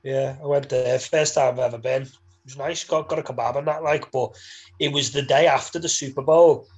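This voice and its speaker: A man's voice: medium pitch, fairly even intonation, brisk, husky, rough recording. A young man with a Liverpool accent, co-hosting a podcast in casual, laddish banter, swearing and laughing freely. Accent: Liverpool English. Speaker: podcast co-host.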